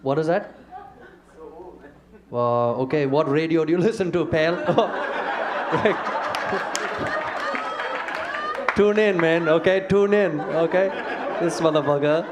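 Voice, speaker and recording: A man doing a stand-up bit as a halting, mock-earnest persona with a put-on Indian accent, on a comedy club stage. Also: on the high side. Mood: teasing. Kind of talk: stand-up set. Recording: noisy comedy club with a laughing crowd.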